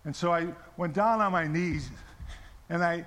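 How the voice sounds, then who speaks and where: Middle-aged man, high voice, sermon testimony, storytelling, echoing church hall. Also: moderate pace, a bit bright. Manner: storytelling, repeats words, asks the audience questions. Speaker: preacher.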